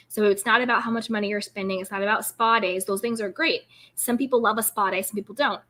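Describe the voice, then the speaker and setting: A woman's voice: medium pitch, fairly even intonation, fast talker, pushed and bright. A woman hosting a live stream as a self-care coach, talking in an encouraging, upbeat and affirming way. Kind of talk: casual live-stream talk.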